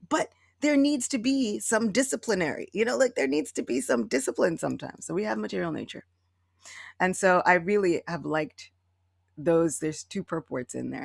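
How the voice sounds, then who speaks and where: A woman's voice: on the low side, expressive, normal speed, gravelly, no room sound, studio quality. A woman leading a devotional class over a video call, telling stories and acting out quotes as she explains. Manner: storytelling, with acted-out quotes.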